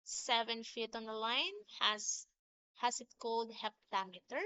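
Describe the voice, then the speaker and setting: A woman's voice: fairly high pitch, pushed and bright, a little hiss or hum. A woman teacher giving a lesson on poetry, explaining patiently and sounding out rhythms. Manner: slow, patient explaining with sung-out rhythm examples. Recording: dull lo-fi sound.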